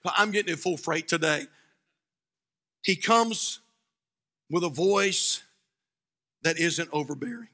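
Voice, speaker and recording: A male pastor preaching a sermon, swinging between shouted fervor and hushed, quiet passages. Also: a little high, takes it slowly, long pauses.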